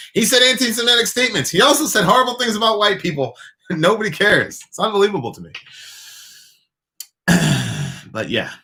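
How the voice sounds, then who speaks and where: A man's voice: lowish voice, a bit bright. An American man co-hosting a casual talk show, rambling with many hesitant restarts. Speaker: podcast co-host. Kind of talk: casual chat.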